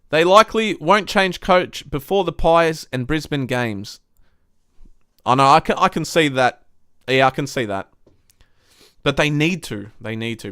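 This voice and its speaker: A man's voice: fairly high pitch, fairly bright tone, clear, resonant tone, dry recording, clean studio sound. A young man hosting a live stream, reading viewer comments and ranting bluntly with lots of swearing. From Australia. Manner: blunt, swears a lot, frustrated.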